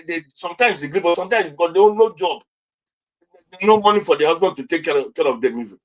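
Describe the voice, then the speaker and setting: A middle-aged Nigerian man with a fairly high voice, speaking as an interview guest. He fires off indignant rhetorical questions and stumbles over repeated words as he gets worked up. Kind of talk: impassioned political commentary.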